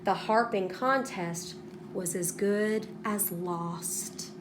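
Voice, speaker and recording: A woman teacher reading a storybook aloud to students in an expressive way, stopping to ask them questions. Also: medium pitch, background noise. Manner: slow, expressive, pauses to prompt students.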